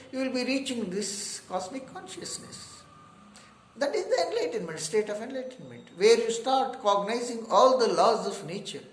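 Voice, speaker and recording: A man's voice: high-pitched, slight background noise. A man with an Indian accent giving a spiritual talk and telling a story, checking in with listeners with little "huh?" asides. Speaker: meditation teacher. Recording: echoey room.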